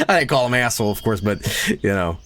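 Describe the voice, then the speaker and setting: Animated lower-voiced man streaming a game. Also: background noise. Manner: rambling storyteller, swears casually, laughs loudly. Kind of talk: casual live-stream chat while gaming.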